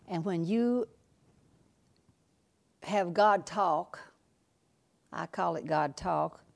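A woman preacher delivering a sermon at an unhurried, deliberate pace. Her voice carries a gravelly, creaky edge, and she presses her points home through repetition. She sometimes sinks to a near-whisper for asides. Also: medium pitch, a little mellow.

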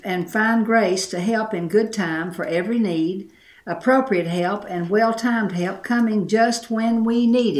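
A middle-aged woman preaching a sermon, earnest and emphatic, repeating her key phrases. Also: medium pitch. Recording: echoey room.

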